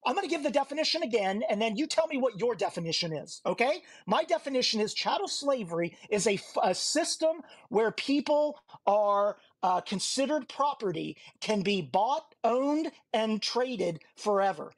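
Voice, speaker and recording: A man's voice: very high-pitched, expressive, moderate pace, hardly any pauses, no room sound. A man in a heated online debate who keeps pressing for exact definitions, cuts in and throws insults. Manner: combative, interrupts, trades insults. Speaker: debater in an online audio room. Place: online voice chat room.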